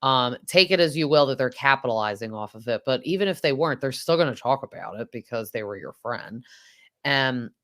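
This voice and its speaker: A woman in her thirties with a strikingly low voice, chatting casually as a podcast host. She is animated, laughing often and breaking into high-pitched impressions. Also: fairly quick. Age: 30s. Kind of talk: casual chat.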